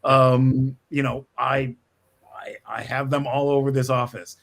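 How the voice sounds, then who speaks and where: His mid-range voice moves a little slowly. In a conversational interview conducted over video from his office, this middle-aged screenwriter guest tells stories animatedly, with frequent restarts and plenty of laughter.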